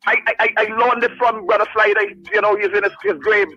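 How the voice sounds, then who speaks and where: A man's voice: very high voice, little pitch movement, fast, sharp tone, dry recording. A man calling in to a radio talk show, speaking with impassioned, repetitive, preachy fervor over a phone line. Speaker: caller. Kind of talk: passionate call-in radio rant. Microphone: phone call.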